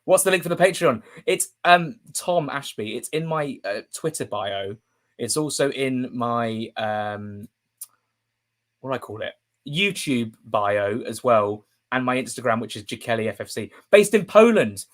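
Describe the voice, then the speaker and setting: A young man, a football journalist chatting casually on a live stream, rambling with fillers and restarts and breaking into emotional, excitable bursts. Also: medium pitch, a little slow.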